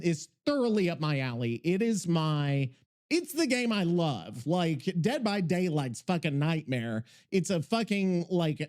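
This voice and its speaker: On the high side and a bit mellow, this man's voice belongs to a podcast host who rambles in a relaxed way. He curses a lot and keeps interrupting himself, losing his thread as he works on something during the show.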